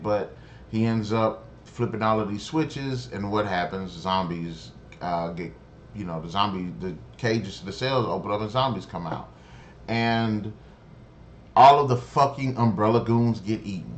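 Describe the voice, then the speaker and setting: Profane, exasperated man with a lowish voice. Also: unhurried, a little hiss or hum. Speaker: show reviewer. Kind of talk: casual spoken review.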